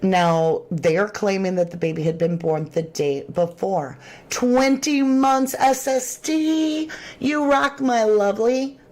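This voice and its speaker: A woman's voice: mid-range voice, takes it slowly. A woman hosting a true crime livestream, chatting casually and reading viewer comments aloud. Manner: chatty, animated, Southern-tinged slang.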